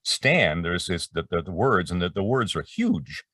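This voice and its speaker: A man's voice: deep voice, big pitch swings, normal speed, fairly bright tone, no echo, clean studio sound, distant mic. A middle-aged man telling stories as an interview guest, rambling and breaking off mid-sentence, acting out what people said. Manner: rambling, self-interrupting, acts out quotes. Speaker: voice actor guest. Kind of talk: casual interview storytelling.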